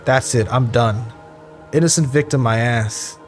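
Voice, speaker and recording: A man's voice: mid-range voice, measured pace, faint music behind, close to an everyday voice. A man voicing a drunk, boastful teenage boy in a survival game story, mocking and boozy.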